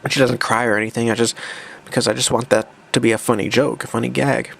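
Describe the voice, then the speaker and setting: A man's voice: medium pitch, flat delivery, gravelly, fairly bright tone. Young guy rambling over his old comic draft, lots of restarts, casual. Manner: rambling, halting, with many restarts. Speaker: comic creator. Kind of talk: casual commentary.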